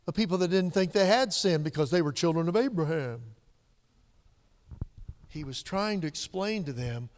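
A male pastor preaching a sermon, dropping to hushed whispers and rising to loud, emphatic peaks. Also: a little high, expressive, moderate pace, pauses often. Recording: long hall reverb.

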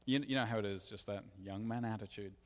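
In a large hall with long reverb, a preacher with a fairly low voice and quick pace gives his testimony during a sermon. He sounds earnest and confessional and acts out the conversations he recounts.

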